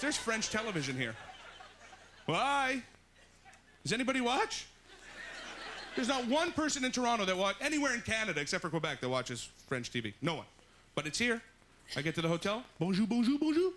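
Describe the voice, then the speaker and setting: A man doing an animated stand-up comedy set on a club stage, with exaggerated, punchy delivery. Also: high-pitched, fairly quick, long pauses, slight background noise. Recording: live set with loud audience laughter.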